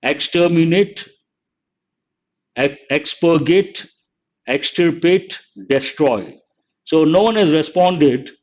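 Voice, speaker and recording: An older man teaching English vocabulary in a live online exam-prep lesson, explaining slowly and repeating words, sometimes scolding the chat. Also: on the high side, animated. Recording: dull lo-fi stream audio.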